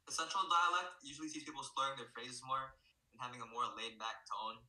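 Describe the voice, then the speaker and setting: Bright-voiced young man explaining. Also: mid-range voice, a little fast. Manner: relaxed, filler-heavy, often says "right?" and "so yeah". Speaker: student presenter. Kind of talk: casual explanatory presentation. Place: indoor room, virtual showcase recording. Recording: roomy echo.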